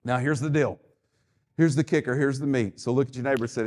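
A pastor preaching a sermon with emphatic, repetitive phrasing and call-and-response to the congregation. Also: male voice, medium pitch, fast, darkish tone.

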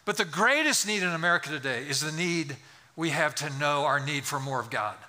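A man's voice: fairly high pitch, animated, a little fast, bright, forceful tone. A man, a pastor, preaching a sermon to his congregation, telling a story and building to fervent pleas. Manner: storytelling, rising to fervent pleading. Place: church sanctuary.

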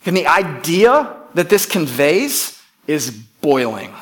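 A man's voice: a little high, very animated, slow, fairly bright tone. A pastor preaching to his church in an emphatic way, repeating key phrases and putting questions to the congregation. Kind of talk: sermon.

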